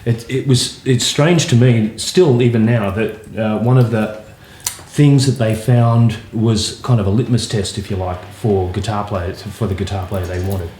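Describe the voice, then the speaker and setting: A man's voice: on the low side, a little slow, few pauses, slight background noise. Laid-back man telling stories. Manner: relaxed, anecdotal, many fillers. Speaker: guitarist. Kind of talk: casual interview storytelling. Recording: roomy echo, faint music.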